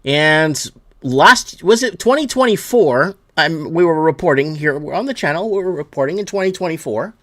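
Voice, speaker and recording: A man's voice: a little high, expressive, moderate pace, fairly bright tone. A man hosting a solo news commentary show, reading headlines and ranting angrily with lots of swearing, stumbling and repeating himself as he gets worked up. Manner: angry, profane ranting, reading headlines aloud. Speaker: host.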